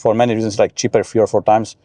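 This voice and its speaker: Man talking in a car, quick and animated. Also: lowish voice, dry recording. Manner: animated, frequent restarts and "you know". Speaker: podcast guest. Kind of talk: casual conversation.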